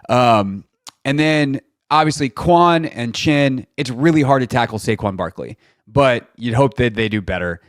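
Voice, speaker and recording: A man's voice: medium pitch, lively intonation, moderate pace, dry recording, studio quality. A man hosting a sports radio show, breaking down football film in a casual, chatty way with lots of fillers and restarts.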